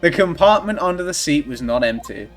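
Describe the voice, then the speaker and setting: A man's voice: a little high, lively intonation, a little fast, faint music behind. A man reading as a haughty aristocratic prosecutor. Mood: lofty. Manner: formal, lofty reading of game dialogue.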